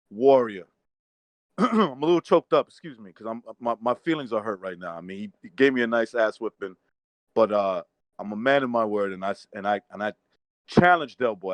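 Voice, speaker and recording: A man's voice: medium pitch, no room sound. A man playing a beaten fighter in a mock post-fight interview, humbly praising his rival and pleading with his fans. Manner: over-the-top staged humility, pleading with imaginary fans. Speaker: trivia contestant playing a defeated boxer.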